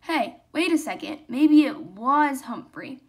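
A woman's voice: high voice, expressive, slow. A young woman voicing a sour, suspicious young girl in a storybook read-aloud.

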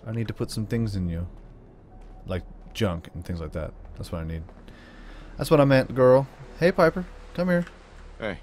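A man's voice: fairly low pitch, lively intonation, normal speed, pauses often, darkish tone, slight background noise. A man giving let's play commentary as a gaming channel host, joking and teasing the game characters.

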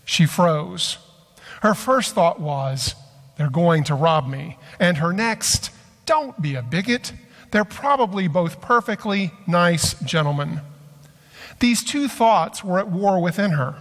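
Slow-speaking high-voiced man preaching. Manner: slow, measured storytelling delivery. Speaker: pastor. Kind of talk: sermon. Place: church sanctuary. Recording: long church hall reverb.

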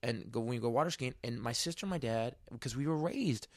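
A man's voice: medium pitch, fairly quick, no echo. Man, fifties, comedian guest, blunt emphatic storyteller, dry close sound. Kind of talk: casual chat.

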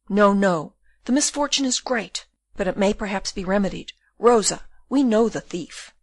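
A woman's voice: mid-range voice, normal speed, no echo, lightly acted. A desperate young prisoner, furious and pleading, as a woman reads him in an audiobook. The voice sits in a mid register and is recorded dry and close. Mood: urgent. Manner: pleading and raging.

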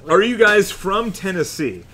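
A man's voice: high voice, big pitch swings, unhurried, bright, forceful tone. A man from North Carolina commentating a card game stream, bantering and joking with his co-host. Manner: joking, laughs often, playful banter. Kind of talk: casual chat between matches.

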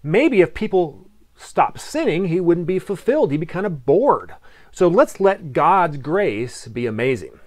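A man preaching a sermon in a conversational way, asking rhetorical questions and reading scripture aloud slowly. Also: fairly high pitch, big pitch swings, darkish tone. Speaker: pastor.

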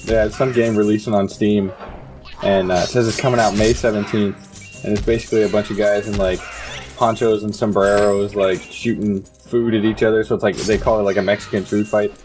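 A man's voice: lowish voice, level tone, fairly quick, over music. A man from the United States co-hosting a podcast, talking in a laid-back, rambling way with many fillers. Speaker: podcast co-host. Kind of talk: casual podcast chat.

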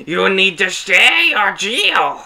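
A man voicing a greedy male bug merchant in a video game, with shrill, wheedling cries. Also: very animated, takes it slowly, vocal fry, pushed and bright, heavily acted. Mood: greedy, whining.

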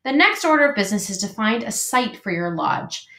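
A woman's voice: medium pitch, big pitch swings, brisk, bright, forceful tone. A woman voicing a friendly, talkative male beaver builder with a folksy manner, in an echoey room. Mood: chatty.

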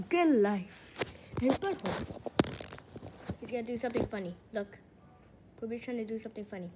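A woman's voice: on the high side, very noisy. A woman giving silly, playful game commentary, giggling and repeating herself. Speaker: gaming channel host.

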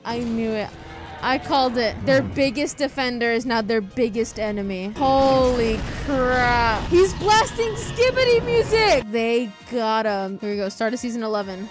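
Woman, high voice, unhurried delivery, excitable reactions, video music underneath. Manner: excitable, gasping and shouting in surprise. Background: soundtrack of the watched video.

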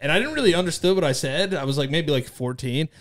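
A man's voice: fairly high pitch, animated, fast, fairly bright tone. A young man, a podcast host who laughs while telling family stories in a casual way.

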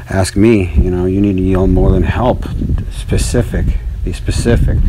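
A man's voice: low voice, fairly even intonation, unhurried, background noise. A man hosting his own radio show, telling a story in a rambling, profane, self-mocking monologue.

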